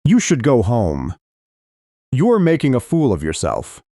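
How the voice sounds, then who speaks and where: A man's voice: mid-range voice, wildly swooping pitch, a little slow, dark tone, dry recording, studio quality, voice pushed up, full character voice. A man voicing a cold, scornful middle-aged woman neighbor in an audiobook. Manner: contemptuous, dismissive.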